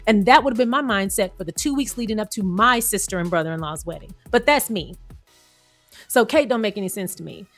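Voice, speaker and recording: A woman gives casual commentary in a sassy, sarcastic voice. Her pitch sits in the middle for a woman, and she tells lively stories with bits of laughter. Soft music plays faintly under her talk. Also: fairly quick. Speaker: commentary host.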